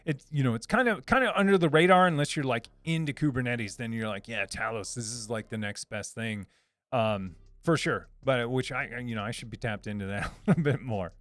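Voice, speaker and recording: A man's voice: mid-range voice, lively intonation, fairly quick, few pauses, a bit bright, no echo. A man hosting a live stream, reading chat messages aloud in a casual, upbeat way, repeating himself with lots of fillers and restarts. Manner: upbeat, repeats words, many fillers and restarts, laughs often. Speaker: livestream host reading chat.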